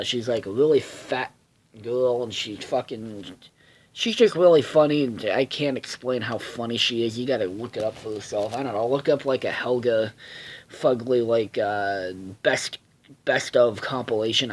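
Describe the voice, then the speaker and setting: A man casually reviewing a cartoon episode, swearing a lot and rambling with many fillers and restarts. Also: medium pitch.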